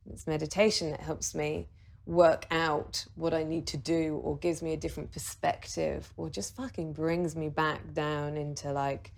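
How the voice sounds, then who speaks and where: A woman talks a class through a meditation in a relaxed, chatty way. Her voice sits a little low for a woman, and she jokes, laughs and swears casually as she guides. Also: normal speed, gravelly. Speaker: meditation teacher. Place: video shoot with a videographer.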